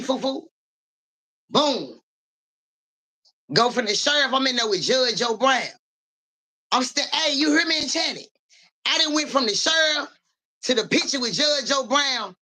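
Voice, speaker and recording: This young woman, streaming as a psychic reader, addresses her viewers head-on while recounting a story with energetic, foul-mouthed casualness. She has a high voice.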